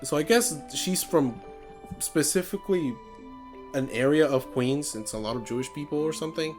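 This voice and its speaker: A man's voice: a little high, normal speed, darkish tone, soft background music. A man co-hosting a podcast, chatting casually and rambling with lots of fillers. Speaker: podcast co-host. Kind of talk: casual chat.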